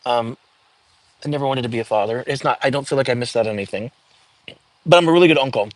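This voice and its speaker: A man's voice: medium pitch, quick pace, no echo, rough recording. A middle-aged man hosting a casual livestream, chatting and answering viewer questions from the comments. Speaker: livestream host.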